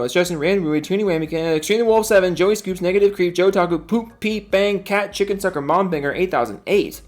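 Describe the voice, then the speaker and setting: A man hosting his own gaming channel, ranting casually with exasperated swearing and rattling off long lists of names. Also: high-pitched. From Seattle area, United States. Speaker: gaming YouTuber.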